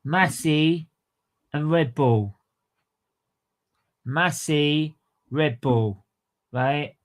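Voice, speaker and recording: A man's voice: on the high side, very slow. A man hosting a livestream, ranting about motorsport with repeated phrases, slang and swearing. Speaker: livestream host. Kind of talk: heated fan commentary on a livestream.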